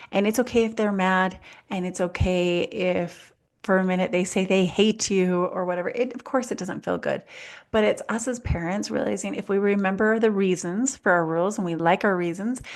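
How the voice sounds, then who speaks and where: A woman life coach co-hosting a podcast, giving earnest, reassuring advice in a calm, conversational way. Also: mid-range voice, moderate pace. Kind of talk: casual podcast chat.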